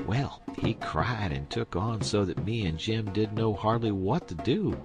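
Male narrator, low register, easygoing folksy reading over background music. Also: lively intonation, unhurried, few pauses. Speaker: audiobook narrator. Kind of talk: audiobook reading.

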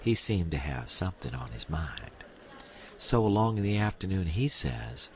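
A man's voice: sits low, sing-song, moderate pace, a little mellow, slightly rough. A man narrating an audiobook in a plain, folksy storytelling manner. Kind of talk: audiobook reading. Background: music.

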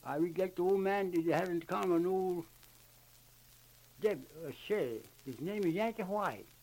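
An older man with a Southern US accent, talking in a rambling, repetitive, halting way as he recounts his memories for an oral history. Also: high voice, a little mellow. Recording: noisy old archival recording.

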